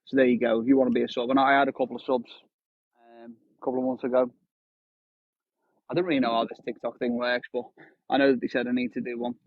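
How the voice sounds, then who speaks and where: A thirtysomething fishing streamer on a windy shore talks quickly in a medium pitch with little pitch movement, though he drops into long pauses. The phone-captured audio is dry and tinny.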